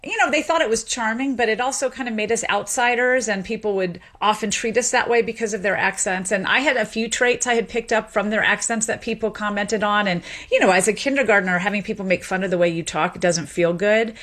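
A middle-aged woman from Memphis, a sociolinguist being interviewed, explaining in an animated way with small restarts. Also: medium pitch, a little fast, few pauses. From Memphis, Tennessee. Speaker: sociolinguist and professor, guest.

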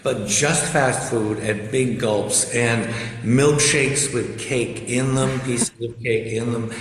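A man's voice: medium pitch, fairly even intonation, slow pace. Wry man on a roomy video call. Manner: wry, amused. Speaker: guest commentator. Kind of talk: casual on-air chat. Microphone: remote video call. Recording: roomy video call audio, faint noise.

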